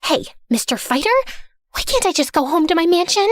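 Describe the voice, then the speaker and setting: Brief: woman playing a spoiled, sarcastic heiress narrating her own story; very high, swooping delivery, close and dry. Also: expressive, a little fast, no echo. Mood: sassy. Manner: theatrical, sarcastic, self-centered. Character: spoiled, dramatic rich young woman. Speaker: first-person narrator. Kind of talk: animated story narration in character.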